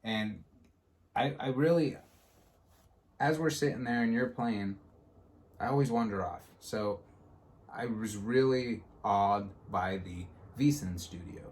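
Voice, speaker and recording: A man hosting a podcast, telling a story in casual chat and acting out the quotes with lively energy. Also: lowish voice, slow pace, pauses often. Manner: animated, acts out quotes in a storytelling style. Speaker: podcast host.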